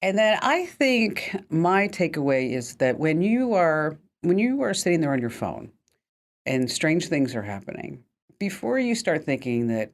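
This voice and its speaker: A woman hosting a tech podcast, chatting casually and telling animated stories with frequent laughter. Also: deep voice, unhurried. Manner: animated storyteller, laughs often. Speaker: podcast host. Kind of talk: casual chat.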